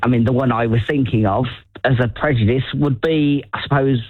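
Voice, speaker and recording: A man's voice: medium pitch, a little fast, no room sound, narrow, tinny audio. Man, Birmingham accent, hesitant casual talker, dry mic. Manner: hesitant, repeats words, searches for phrasing. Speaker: conversation partner. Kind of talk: casual chat.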